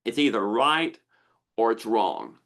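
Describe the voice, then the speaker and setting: A man's voice: medium pitch, animated, slow pace, vocal fry, fairly bright tone. A man, a therapist hosting a Q&A, explaining in plain talk and often repeating phrases for emphasis. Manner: repeats phrases, acts out quotes.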